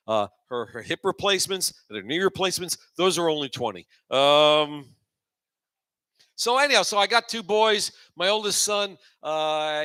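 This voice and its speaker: A man in his forties hosts a comedy open mic in a slightly high, sharp-toned voice. His stand-up set rambles loosely between dry, self-mocking punchlines.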